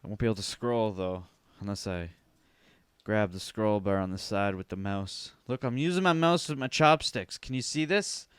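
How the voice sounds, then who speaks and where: A man's voice: lowish voice, normal speed, clean tone, dry recording. A man hosting a casual solo podcast from his home basement, joking around and swearing freely on a headphone-monitored mic. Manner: profane, joking, animated. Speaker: podcast host. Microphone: headphones and studio mic.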